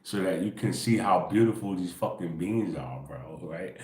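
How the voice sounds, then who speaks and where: Laid-back deep-voiced man rambling, "bro". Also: expressive, normal speed, darkish tone, reverberant. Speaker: spiritual livestream host. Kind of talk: early-morning casual livestream talk.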